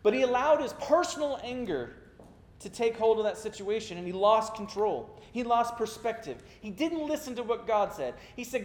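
This pastor, a middle-aged man, preaches at a moderate pace and with great animation, telling stories and joking at his own expense. Faint rumble and echo fill the room.

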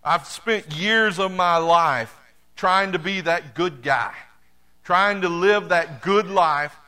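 A middle-aged pastor with a high-pitched, bright, forceful voice speaks slowly during his sermon. He addresses the congregation conversationally, with dry humor.

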